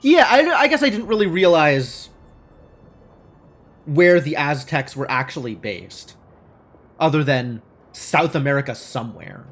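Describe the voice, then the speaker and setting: Animated man streaming a game. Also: fairly high pitch, unhurried, pauses often. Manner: animated, thinking aloud, self-mocking. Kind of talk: live game commentary.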